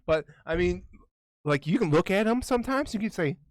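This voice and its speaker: A man's voice: high voice, expressive, a little fast, dry recording. A young man co-hosting a podcast, rambling and swearing in mock-conspiratorial casual chat. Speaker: podcast co-host.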